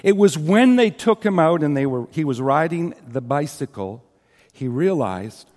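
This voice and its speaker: A man's voice: on the high side, expressive, a little slow, darkish tone. Man preaching a story in an echoing hall. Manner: earnest, retells a story with quoted scripture; asides to the congregation. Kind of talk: sermon storytelling. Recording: long hall reverb.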